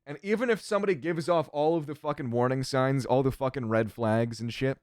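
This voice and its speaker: A man's voice: medium pitch, fairly quick, darkish tone, no echo, studio quality. A man casually reading chat on his livestream, sardonic and crass, swearing freely.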